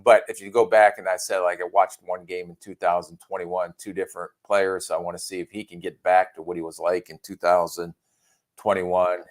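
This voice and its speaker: A man's voice: deep voice, little pitch movement, brisk. A man co-hosting a podcast, giving plainspoken views with dry humor. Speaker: podcast co-host, former NFL executive. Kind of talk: casual sports chat.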